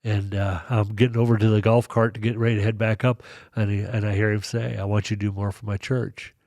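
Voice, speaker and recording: A man's voice: fairly low pitch, a little fast, no echo, studio quality. A man telling a personal story in casual conversation, acting out what people said to him. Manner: animated storyteller, acts out quoted dialogue. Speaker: podcast guest.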